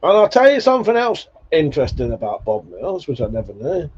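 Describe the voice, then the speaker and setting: A man's voice: a little high, wildly swooping pitch, a little fast, darkish tone, slightly rough. A man hosting a casual livestream, chatting and swearing freely between laughs. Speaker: livestream host. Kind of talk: casual chat reading viewer comments. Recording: dull lo-fi stream audio.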